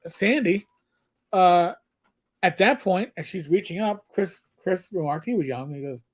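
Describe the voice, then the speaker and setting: A man co-hosting a casual livestream chat, an animated storyteller who often restarts his sentences and reads viewer comments aloud. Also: high voice, unhurried. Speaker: livestream co-host.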